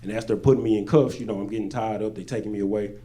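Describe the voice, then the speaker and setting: A stand-up comedian from Arkansas, telling loose stories on stage into a handheld mic, jumping between loud bursts and low asides. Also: male voice, fairly even intonation, rapid-fire.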